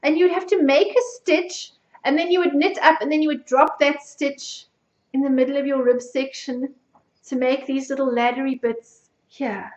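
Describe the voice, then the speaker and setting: A woman's voice: high-pitched, fairly even intonation, moderate pace, echoey room, lo-fi sound. A South African woman hosting a podcast, chatting casually and mocking herself with frequent laughter. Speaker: podcast host. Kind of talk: casual chat.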